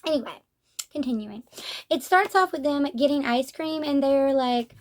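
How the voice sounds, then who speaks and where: A woman's voice: sits high, animated, moderate pace. A young adult woman talking casually as she reviews a manga, chatty and rambling, with lots of "like".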